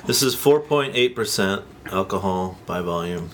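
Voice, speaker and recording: A man's voice: low-pitched, lively intonation, moderate pace, a bit bright, a little hiss or hum. A man hosting a beer tasting, reading tasting notes aloud and steering the talk along. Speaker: host. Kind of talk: reading beer descriptions and casual chat.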